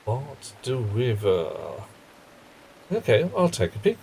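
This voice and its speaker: A man casually commenting on his game and chatting with viewers on a live stream, in a relaxed, rambling way. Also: medium pitch, slow, creaky, slight background noise.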